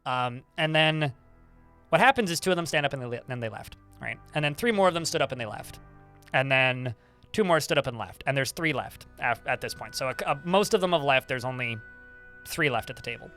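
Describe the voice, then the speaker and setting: A man's voice: medium pitch, expressive, a little fast, a bit bright, faint music behind. A man live-streaming a game, telling a rambling story in a chatty, casual way with mild swearing.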